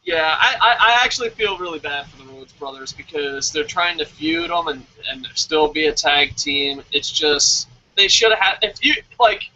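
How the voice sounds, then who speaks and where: A man from New Jersey co-hosting a casual wrestling review show, excitable and profane, with mock-formal bits. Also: fairly high pitch, moderate pace, few pauses. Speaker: podcast co-host. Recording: dull lo-fi audio.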